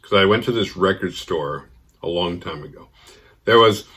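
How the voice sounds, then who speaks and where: A man hosting a horror movie channel, telling a rambling, profane story casually and getting animated when he quotes others. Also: sits low, normal speed, husky. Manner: rambling, profane, restarts mid-sentence. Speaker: horror movie review host.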